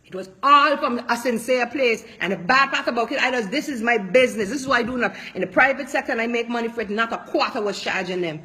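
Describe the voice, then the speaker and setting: A woman's voice: a little high, fast talker, few pauses, pushed and bright. A woman politician giving an impassioned, emotional public statement, speaking emphatically and repeating her points.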